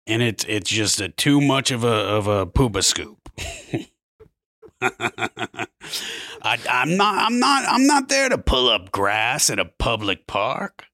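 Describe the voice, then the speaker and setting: Bright-voiced man riffing as a guest. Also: medium pitch, very animated, slow pace, no room sound, studio quality. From Maryland, USA. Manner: playful, riffing comic rants. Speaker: podcast guest. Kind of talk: casual chat.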